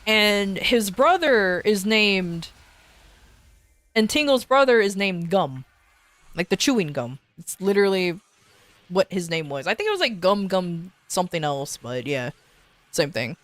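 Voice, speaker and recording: A woman's voice: medium pitch, expressive, unhurried. A woman streamer telling a rambling story in a casual chat, swearing and restarting often.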